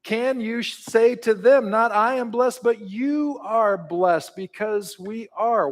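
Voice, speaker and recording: Earnest guy preaching, voice sits a bit high, long hall echo. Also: slow pace, few pauses. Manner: earnest, builds to call-and-response. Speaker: pastor. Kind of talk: sermon with prayer. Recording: reverberant hall.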